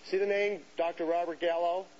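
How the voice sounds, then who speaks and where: A man giving a lecture to an audience, telling a story in an animated way and acting out the voices of people he quotes. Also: high-pitched, fairly quick. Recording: dull hissy lecture recording.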